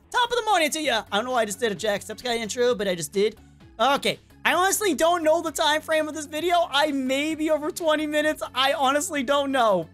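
A woman giving chatty, excitable game commentary and talking to the characters, her voice worn and cracking with a cough. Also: sits high. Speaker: gameplay commentator.

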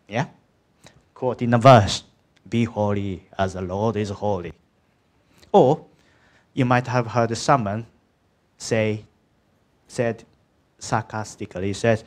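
Preaching slowly with frequent pauses, a man with a low, slightly mellow voice speaks to his congregation conversationally. His English is a second language with small slips, and he regularly asks them "isn't it?" and "yeah?"

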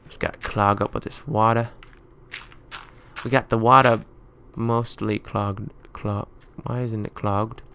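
A man's voice: lowish voice, level tone, measured pace, pushed and bright, slight background noise. A man giving rambling let's play commentary, muttering to himself as he plays. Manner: chatty, rambling running commentary; muttering to himself while building. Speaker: gaming YouTuber.

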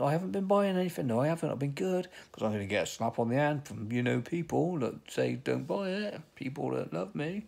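Gravelly English man in his fifties. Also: a little high, lively intonation, a little fast, a little mellow. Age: 50s. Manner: rambling, self-mocking, argues with himself. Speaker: vlogger. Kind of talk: casual comic monologue.

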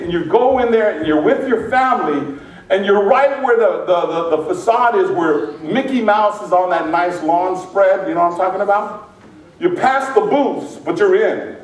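A man preaching as pastor to his congregation, lively and joking with the people in the pews. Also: high-pitched. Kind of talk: sermon. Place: large church sanctuary. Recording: echoey church from a distance.

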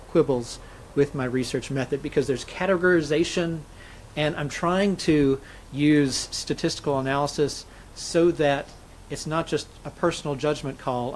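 A man's voice: fairly high pitch, slight background noise, rough recording. A man, a scholar and interview guest, explaining grammar methodically and illustrating points with spoken examples.

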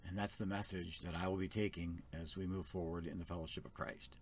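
A man's voice: low-pitched, steady tone, brisk, slight background noise. A man speaking as first elder of a small church, giving an earnest, plain-spoken sermon.

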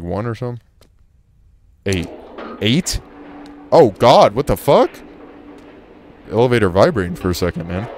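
A man's voice: low voice, a little hiss or hum. Jumpy, cursing gaming commentator man. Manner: profane, jumpy and joking. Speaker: gaming YouTuber. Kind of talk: horror game let's play commentary.

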